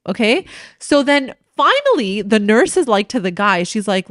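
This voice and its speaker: A woman's voice: fairly high pitch, moderate pace, no room sound. Casting: woman podcast co-host, chatty storyteller, close dry mic. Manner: animated storyteller, acts out quoted people. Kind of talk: casual chat.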